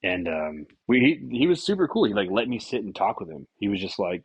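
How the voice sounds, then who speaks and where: Low, husky young man rambling. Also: fast talker, no room sound, dull audio. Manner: rambling, profane, many fillers. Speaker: podcast host. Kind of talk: casual storytelling.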